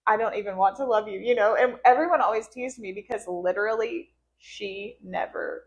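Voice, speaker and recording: A woman hosting a conversational show tells a deeply personal story with a lively, swinging voice. She drops low and soft in the sad parts, then breaks up into tearful laughter. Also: brisk, hardly any pauses. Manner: animated, voice cracks into tearful laughter when reliving moments. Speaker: podcast host. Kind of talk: emotional storytelling in casual conversation.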